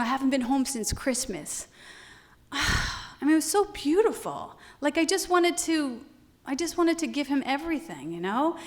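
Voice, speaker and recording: A woman giving a lively, conversational sermon, telling personal stories and often laughing as she quotes people. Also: high voice, long reverb tail.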